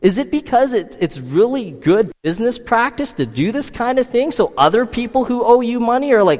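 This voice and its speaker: A man preaches a sermon in a high, bright voice that swings up and down. He keeps asking the listeners rhetorical questions. His voice rings out with a long echo in a hall. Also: moderate pace. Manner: lively, asks the listeners many rhetorical questions. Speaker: pastor.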